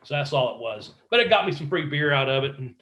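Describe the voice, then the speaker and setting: A former wrestler telling stories in a casual interview, swearing freely and acting out what other people said. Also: male voice, a little high, fast talker. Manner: profane, animated storyteller acting out quotes. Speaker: guest, former pro wrestler.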